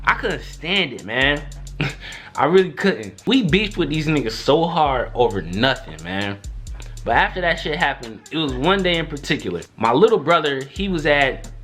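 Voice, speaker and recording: At normal speed and with soft background music, a young man delivers a vlogged storytime monologue. He speaks in a loose, slangy, animated way, acting out quotes with big pitch jumps.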